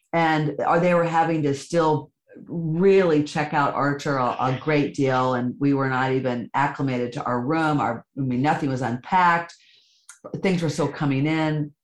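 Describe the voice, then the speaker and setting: A woman hosting a podcast, speaking softly and measured as she reflects and converses. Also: low-pitched, reverberant. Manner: soft and measured, at times tearful in the retelling. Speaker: podcast host.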